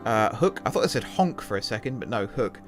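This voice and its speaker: A young man giving relaxed, chatty commentary over a football management game, thinking aloud between match calls. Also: lowish voice, a little fast. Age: young adult. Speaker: gaming YouTuber and streamer. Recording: game music playing under the voice.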